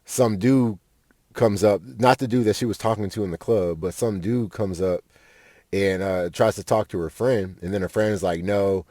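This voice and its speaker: A man's voice: on the low side, normal speed, a little mellow, no room sound. A young man, a podcast host telling a rambling, profane story with lots of fillers. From Fort Worth, Texas. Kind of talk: casual storytelling monologue.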